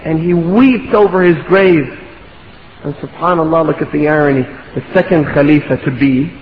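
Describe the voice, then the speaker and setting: A man's voice: a little high, moderate pace, a little hiss or hum. A man preaching a sermon, impassioned, building to pleading rhetorical questions. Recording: echoey hall, dull lo-fi sound.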